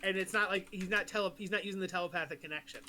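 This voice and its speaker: A man with a high, bright voice runs a tabletop game as its game master. He is easygoing and laughs often, patiently explaining how things work to his players. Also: very fast, a little hiss or hum. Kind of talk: running a tabletop game online.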